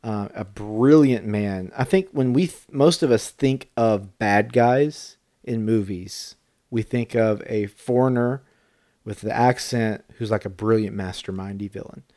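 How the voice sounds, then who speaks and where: A man's voice: fairly low pitch, a little slow, dark tone, dry recording, clean studio sound. A middle-aged man co-hosting a podcast in casual chat, talkative and tripping over his words now and then. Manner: chatty, trips over words. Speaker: podcast co-host.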